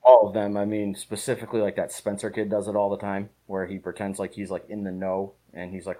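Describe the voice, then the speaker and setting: A man on a podcast rattles off stories at a rapid clip, his voice low and mellow. He swears freely in loose, casual chat. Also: flat delivery, poor audio. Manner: rapid, profane storytelling. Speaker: podcast co-host.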